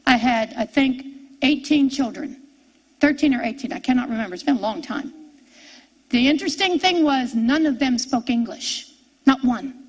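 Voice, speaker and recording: Preaching a sermon, a middle-aged woman recounts something from her own life with animation, driving home key phrases by repeating them. She speaks at a moderate pace in a high-sitting voice, captured on a rough recording.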